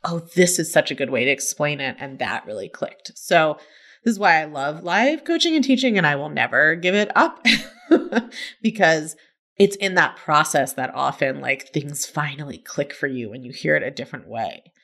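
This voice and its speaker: A woman coach talking casually on her own, chatty and animated, often checking in with "right?" and laughing as she explains. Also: low-pitched, normal speed. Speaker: coach and teacher. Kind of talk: casual solo podcast talk.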